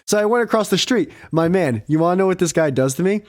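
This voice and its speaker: A man hosting a podcast, telling a story in an animated, profane way and laughing often. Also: sits high, fast talker, no room sound, studio quality. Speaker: podcast host. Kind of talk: casual storytelling chat.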